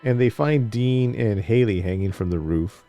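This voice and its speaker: Mellow low-voiced man in casual chat. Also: normal speed, soft background music. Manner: rambling, jokey storyteller who acts out scenes. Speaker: podcast co-host recapping a TV episode.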